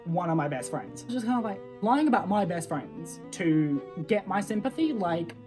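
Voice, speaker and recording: A teenage girl rants to camera in a loose, rambling way, her voice sitting a little low for her age. She leans on fillers and acts out what people said. Guitar music plays clearly underneath. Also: very animated, normal speed. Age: teens. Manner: chatty, filler-heavy, acts out quotes. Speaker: vlogger. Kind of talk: casual storytelling rant.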